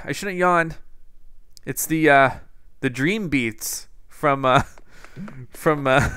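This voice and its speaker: A man's voice: on the high side, pushed and bright. Playful man commenting on gameplay. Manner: playful, jokey, self-mocking asides. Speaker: gaming channel host. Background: faint game music.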